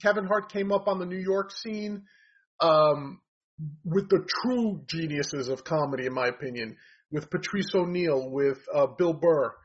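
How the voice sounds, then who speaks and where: A comedy commentator with a slightly high voice and measured pace offers blunt, rambling opinions about comedians in casual chat, captured in dull lo-fi audio.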